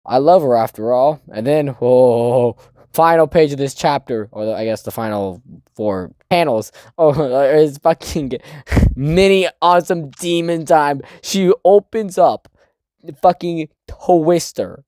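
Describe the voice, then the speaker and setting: A man's voice: fairly high pitch, a little slow, darkish tone, smooth, no echo, clean studio sound. Rambling, profane man reviewing manga. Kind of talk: casual chapter review.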